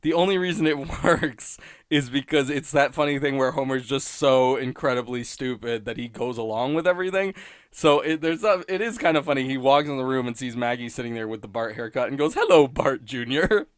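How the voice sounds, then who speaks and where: A man's voice: medium pitch, fairly quick, clear, resonant tone, no room sound, clean studio sound. Rambling man in wry solo commentary. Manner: rambling, self-interrupting, wry, laughs at own points. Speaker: podcast host reviewing episodes.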